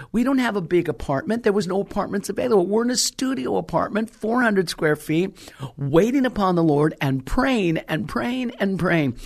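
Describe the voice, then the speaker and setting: Emphatic woman preacher telling stories. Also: mid-range voice. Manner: emphatic, stretches key words slowly. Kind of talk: storytelling sermon.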